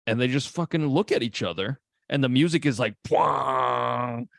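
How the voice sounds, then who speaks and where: A man co-hosting a casual movie podcast, animated and profane, acting out characters' lines as he talks. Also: medium pitch, fast talker, no room sound, studio quality. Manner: animated, swears a lot, acts out characters' lines. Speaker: podcast co-host.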